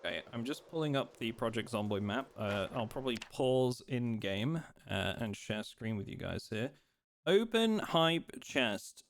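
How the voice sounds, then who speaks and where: A man streaming a game live, chatting casually in a relaxed, rambling way and teasing his chat. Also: lowish voice, normal speed, hardly any pauses, dry recording.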